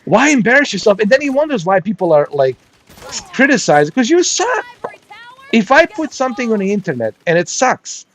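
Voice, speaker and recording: A man's voice: high-pitched, big pitch swings, brisk, a bit bright, poor audio. A man ranting crudely and mocking someone in casual chat, laughing often as he goes. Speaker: gaming streamer.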